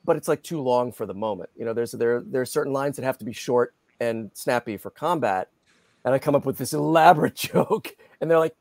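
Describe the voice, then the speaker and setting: A middle-aged man, a guest voice actor, chatting in an interview in a lively, self-deprecating way with many restarts. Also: mid-range voice, fast, creaky, no room sound. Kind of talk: casual interview chat.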